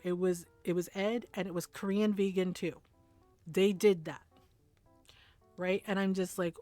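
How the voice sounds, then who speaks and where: A woman streamer chatting casually while gaming, emphatic and quick to laugh and swear. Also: medium pitch, dry recording.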